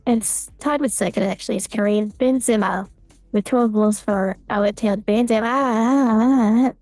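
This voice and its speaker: A man's voice: high voice, moderate pace, darkish tone, no room sound, soft background music, voice pushed up. A man using a voice changer to play a playful, chatty young woman, giving casual podcast football commentary. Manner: jokey, teasing.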